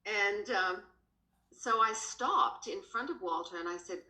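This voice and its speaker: Animated Australian woman telling stories. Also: a little slow. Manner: animated, jumps up in pitch when quoting. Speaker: guest, horse trainer. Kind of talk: casual storytelling in a podcast. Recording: roomy echo.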